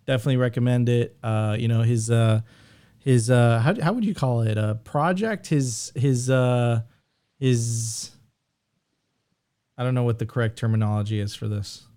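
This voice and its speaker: A man talking casually on a podcast, often pausing and searching for the right words. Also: mid-range voice, dark tone, clean tone. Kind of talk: casual conversation.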